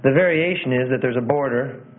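A man's voice: medium pitch, a little fast. Man teaching preachers over tinny audio. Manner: conversational, repeats phrases, self-corrects. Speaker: preaching instructor. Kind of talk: teaching on sermon delivery.

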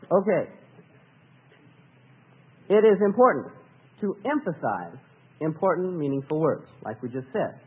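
Man in the pulpit, animated worship teacher with a husky edge, on a tinny, telephone-thin old tape. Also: sits high. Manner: earnest, animated, sings short phrases to illustrate.

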